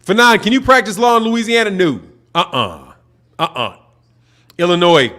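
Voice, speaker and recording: Laid-back high-voiced Chicago man. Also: big pitch swings, moderate pace, sharp tone. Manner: laid-back slangy talk, reading out chat messages. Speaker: livestream host. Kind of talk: casual livestream chat and fight commentary.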